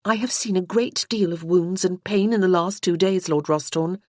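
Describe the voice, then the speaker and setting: An audiobook narrator voicing an anxious, grieving young noblewoman who speaks earnestly and pleadingly, rising in pitch. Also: moderate pace, no echo, clean studio sound, close to an everyday voice. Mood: impassioned. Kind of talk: audiobook character voice.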